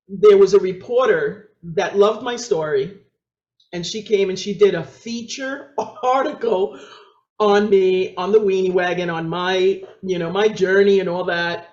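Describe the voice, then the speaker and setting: A woman with a New York accent, a guest on an interview show, telling her story with energy, acting out other people's voices and laughing often. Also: darkish tone. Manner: acts out quoted voices with big pitch jumps, laughs often. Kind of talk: animated storytelling. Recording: echoey, dull lo-fi sound.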